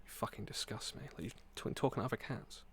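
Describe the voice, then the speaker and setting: A man voicing an aloof, snobbish female house cat in a hushed, drawling, disdainful murmur, loud game music behind. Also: lowish voice, quick pace, slightly rough. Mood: scornful.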